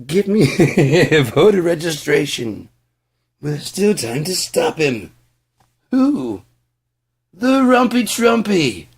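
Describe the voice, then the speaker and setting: An excitable, snooty British gentleman barks orders in a high, strained put-on British accent, as a man hams it up. Gravel still catches under the forced high notes. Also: takes it slowly, pauses often, heavily acted. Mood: commanding.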